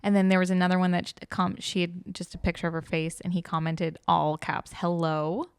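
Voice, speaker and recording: Young woman, podcast guest host, low gravelly voice, dry close sound, animated storytelling. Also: fairly quick, no echo. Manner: animated storytelling, acting out quotes. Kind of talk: casual podcast chat.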